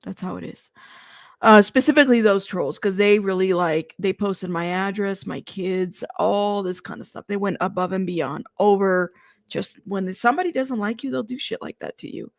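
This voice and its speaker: A woman's voice: medium pitch, normal speed, dry recording. Chatty woman livestream host, dry sound. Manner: chatty, greets viewers by name, excitable. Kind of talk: casual livestream chat.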